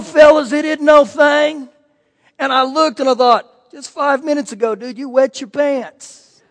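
High-voiced pastor preaching in a reverberant hall. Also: male voice. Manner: folksy storytelling with animated quoted voices. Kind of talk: sermon with personal stories.

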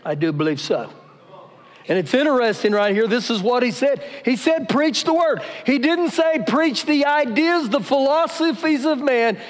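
Male pastor, high-pitched, emphatic live sermon, lingering church reverb. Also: moderate pace. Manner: emphatic preaching, repeats key phrases. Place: church sanctuary during a service.

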